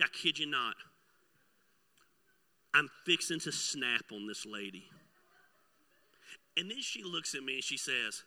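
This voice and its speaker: Male pastor, high voice, very bright tone, animated storytelling sermon. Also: takes it slowly, pauses often. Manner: animated storytelling, swings from loud to hushed.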